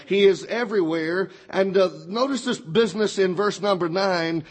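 A man with a fairly high, husky voice delivers a sermon. He climbs in pitch when quoting scripture and sinks low and quiet when he turns personal. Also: moderate pace, hardly any pauses. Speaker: preacher.

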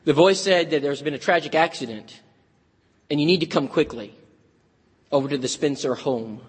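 A high-voiced preacher with a husky, breathy edge delivers a sermon. He tells stories earnestly and dramatically. A long church-hall reverb trails each phrase. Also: moderate pace. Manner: earnest storytelling, shifting between folksy humor and solemn drama.

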